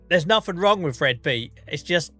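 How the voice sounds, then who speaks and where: A man's voice: fairly high pitch, lively intonation, measured pace, fairly bright tone, breathy edge, soft background music. A man with a Norfolk accent, chatting casually to his live-stream viewers while gaming, self-mocking and laughing often.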